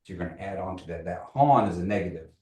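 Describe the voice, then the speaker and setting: Low-voiced man teaching a class, echoey room. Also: animated, darkish tone, distant mic. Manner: patient, joking, repeats phrases slowly for the class. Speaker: language teacher. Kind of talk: community language class.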